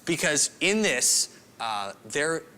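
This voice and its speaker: Bright-voiced young man, animated and chatty. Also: on the high side, takes it slowly, a little hiss or hum. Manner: animated, self-deprecating, rambling. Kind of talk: casual youth service talk.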